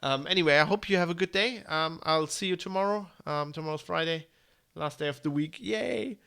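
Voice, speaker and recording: Gravelly German man, blunt tech rant. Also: a little high, a little fast, sharp tone. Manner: rambling, blunt, with frequent ums and restarts. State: congested from hay fever. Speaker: tech news host. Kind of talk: casual live-stream tech commentary.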